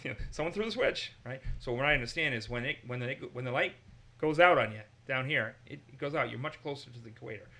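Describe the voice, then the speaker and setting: A man's voice: medium pitch, quick pace, sharp tone. A man teaching the Bible, reading the passage aloud and then breaking off to explain it with personal asides. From the north. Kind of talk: reading scripture aloud and commenting in a group discussion.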